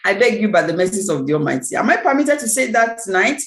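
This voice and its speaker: A woman's voice: mid-range voice, very animated, fast, few pauses, fairly bright tone, roomy sound, low-quality recording. A woman speaking at a team meeting, giving an emphatic motivational talk with repeated phrases and a preacher-like cadence. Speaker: network marketing team speaker.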